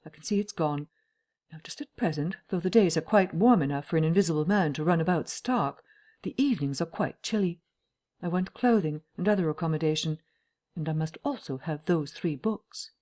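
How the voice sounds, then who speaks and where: A man's voice: on the high side, moderate pace, a little mellow, pitched above the performer's own voice, lightly acted. Give me a man playing a demanding invisible man, curt and commanding. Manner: brusque, commanding.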